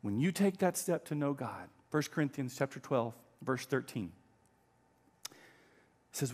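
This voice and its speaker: A middle-aged male pastor preaching a sermon, telling a story with emphatic swings between loud and quiet. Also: medium pitch, very animated, measured pace, long pauses, breathy edge.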